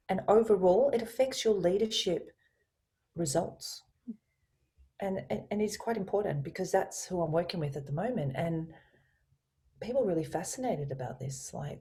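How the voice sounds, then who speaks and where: A woman with a low voice and a mellow, warm tone. She explains her coaching ideas with lively, enthusiastic emphasis, as a guest on a video call. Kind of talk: guest in a business interview.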